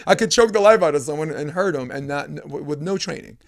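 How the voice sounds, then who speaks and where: A man, a volleyball coach, telling a long animated story in a casual chat, acting out what people said. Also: a little high, brisk, gravelly. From United States. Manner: animated storyteller, acts out quoted lines. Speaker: podcast guest, volleyball coach.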